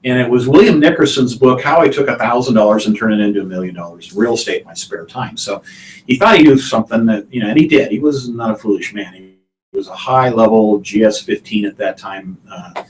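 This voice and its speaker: A man's voice: on the low side, fast talker, echoey room, slight background noise, rough recording. A male real estate instructor telling a folksy story in a live online class. He chuckles often and fills his talk with you-knows and uhs. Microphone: computer mic on a video call.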